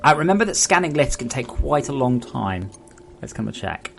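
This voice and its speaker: A man's voice: mid-range voice, sing-song, normal speed, gravelly, slight background noise. Rambling man chatting on stream. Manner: rambling, frank, talks straight to chat. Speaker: solo game developer. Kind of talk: casual live-stream chat with viewers.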